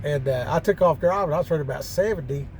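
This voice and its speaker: Country trucker guy rambling stories from his cab, drawly, lots of uhs, voice a bit high, faint road noise behind. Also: quick pace, darkish tone. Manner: rambling, folksy, with many fillers and restarts. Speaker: truck driver vlogger. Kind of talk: casual storytelling vlog. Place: truck cab parked on a mountain pass.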